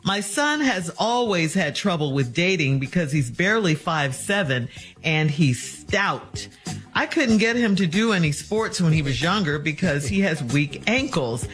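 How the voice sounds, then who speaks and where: A woman's voice: deep voice, sing-song, measured pace, fairly bright tone, soft background music. A woman co-hosting a morning radio show, reading a listener's advice letter on air. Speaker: radio co-host.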